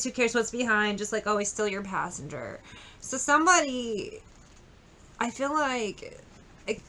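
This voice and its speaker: Female tarot reader, bright and forthright, casual and profane, light background hiss. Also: mid-range voice. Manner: chatty, blunt, swears freely. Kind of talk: casual tarot reading with storytelling.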